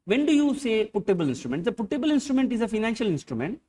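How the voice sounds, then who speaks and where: A high-pitched man with an Indian English accent gives a classroom lecture on accounting. He keeps asking his students rhetorical questions and acts out little back-and-forth dialogues. His voice sits a bit back from the mic. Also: sing-song, very fast, warm tone, far from the mic, slight background noise. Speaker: accounting teacher.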